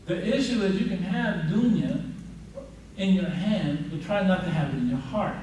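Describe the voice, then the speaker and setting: Brief: male Islamic teacher, high voice, casual storytelling style, recorded far off in a roomy hall. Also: normal speed. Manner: lively colloquial storytelling, addresses the audience directly. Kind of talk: lecture with storytelling. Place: mosque or Islamic center hall. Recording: echoey hall, mic far off, faint noise.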